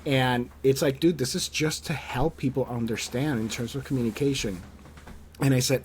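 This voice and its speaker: A man hosts a casual interview podcast and talks in an animated storytelling way. His pitch sits at an ordinary middle height. A faint background hum runs under the voice. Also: moderate pace. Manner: animated storyteller, acts out quoted people in a raised voice; candid, swears casually. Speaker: podcast host interviewing a creator.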